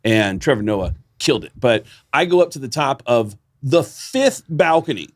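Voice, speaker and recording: A man co-hosting a podcast tells long stories in a loose, swearing chat, acting out every person he quotes. His pitch swings up and down a lot, and his voice sits in a middle range. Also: sing-song, normal speed. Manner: swears freely. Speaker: podcast co-host. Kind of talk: casual storytelling chat.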